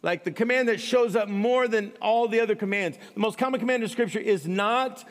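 High-voiced pastor telling a funny story. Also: male voice, fairly quick, long reverb tail. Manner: humorous, self-mocking storyteller with laughs. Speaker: guest pastor. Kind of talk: storytelling sermon.

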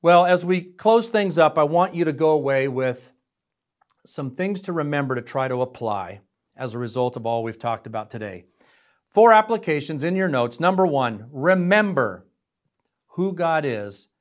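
Guy preaching a sermon, earnest and emphatic, keeps asking the congregation questions, voice a bit on the high side. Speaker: pastor.

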